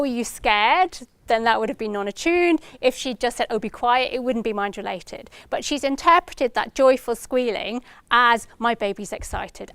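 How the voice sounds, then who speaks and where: A woman's voice: a little high, clean tone, no echo. A woman giving a research talk to practitioners, explaining with examples and acting out parents' words. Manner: explanatory, gives examples and acts out parents' lines in a lifted voice. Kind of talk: lecture to practitioners.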